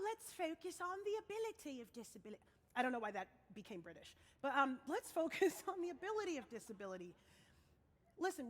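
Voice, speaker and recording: A woman with a bright, fairly high voice talks frankly to a live audience between songs. She jokes and then turns emphatic, almost preaching. Her voice rings through a long hall reverb with faint music underneath. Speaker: singer-songwriter performing a set. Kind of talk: stage banter between songs. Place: large indoor concert stage.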